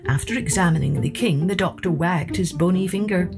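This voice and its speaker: A woman storyteller reading a picture book aloud in an expressive, rhythmic way. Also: on the low side, brisk, gravelly, music in the background.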